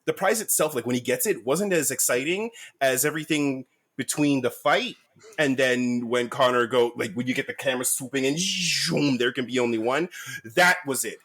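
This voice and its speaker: A man who is a regular on a podcast, telling stories in an excitable, rambling way during a casual chat. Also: mid-range voice, normal speed.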